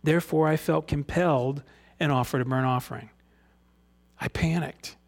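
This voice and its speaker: A middle-aged male pastor with a voice pitched a little above the usual, preaching in a relaxed, conversational way. He moves between reading scripture aloud and earnest, folksy commentary. He often puts rhetorical questions to the congregation. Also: moderate pace, vocal fry.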